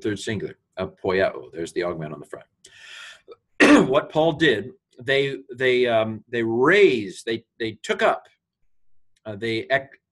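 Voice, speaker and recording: A man teaching a passage of ancient Greek, talking it through informally with many pauses and fillers. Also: medium pitch, fairly bright tone. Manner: halting, many fillers, rises on quoted Greek.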